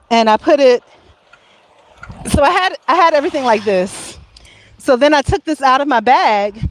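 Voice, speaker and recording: A chatty woman with a slightly high voice tells a long personal story straight to camera. She rambles in a casual way and laughs now and then. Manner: chatty, rambling, laughs often while telling. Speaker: vlogger.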